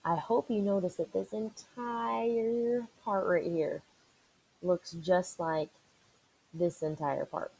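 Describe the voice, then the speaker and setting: A woman's voice: on the low side, slow, creaky, darkish tone, slightly rough, poor audio. A woman teacher reading a picture book aloud to children, encouraging them and asking and answering questions as she goes. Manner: encouraging, asks and answers questions for young listeners.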